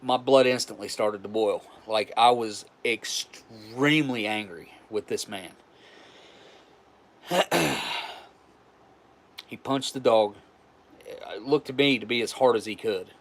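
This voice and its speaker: Speaking slowly in a lowish voice with long pauses, this man hosts a live stream and rambles frankly through a story, swearing and often starting over.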